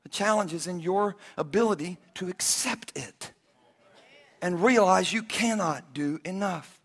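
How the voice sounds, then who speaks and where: A man in his forties preaching a sermon, telling personal stories with animated swings between shouts and hushed asides, joking with the congregation. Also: high voice, measured pace, husky. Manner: jokey and conversational with the congregation.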